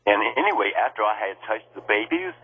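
A man's voice: on the low side, animated, a little fast, slightly rough. A man telling a personal story as an interview guest, earnest and acting out the voices he quotes. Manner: earnest, acts out quoted lines in a raised voice. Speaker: guest recounting an experience. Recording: tinny phone line.

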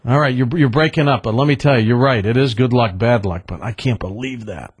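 A man hosting a call-in radio show, quizzing callers in a lively, questioning way. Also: medium pitch, husky. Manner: lively, questioning, quick to laugh. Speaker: radio talk show host.

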